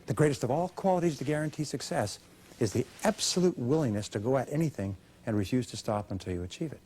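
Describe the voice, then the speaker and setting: A man giving a motivational seminar talk to a live audience, animated and energetic, now and then acting out quoted voices. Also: mid-range voice, fast, slight background noise. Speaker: motivational speaker.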